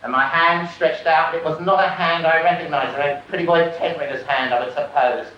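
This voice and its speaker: A man telling a wild, visionary story as a monologue, chanting refrains and bursting into shouts, on an archive stage recording. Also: fairly high pitch, fairly even intonation, moderate pace, recorded from a distance, slight background noise. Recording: dull, roomy live recording from off-mic.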